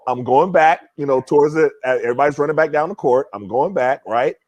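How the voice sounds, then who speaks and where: A man's voice: a little high, fast talker, no room sound, highs cut off. A former pro basketball player telling a story in casual chat, acting out what others said and peppering his talk with "you know" and "right?". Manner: animated, acts out other people's words.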